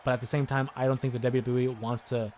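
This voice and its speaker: A man in the middle of his range, talking casually as he hosts a live stream. He comments on a wrestling video game, chatty and quick to get excited. A faint hiss sits under his voice. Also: medium pitch. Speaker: gaming livestream host. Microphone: desk microphone with headphones listeners.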